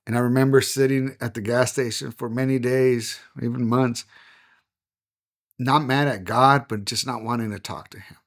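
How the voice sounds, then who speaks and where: A middle-aged man, a pastor, giving a personal testimony in conversation, earnest and emotional, dropping to a hush on painful moments. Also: mid-range voice, fairly even intonation, moderate pace. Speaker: pastor and podcast guest.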